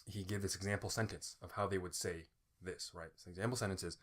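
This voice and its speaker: A man with a fairly low voice co-hosts a casual podcast. He is from Indiana and talks in a loose, rambling way, circling back with fillers as he explains. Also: fairly even intonation, fast, fairly bright tone. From Indiana, US Midwest. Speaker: podcast co-host. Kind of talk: casual chat.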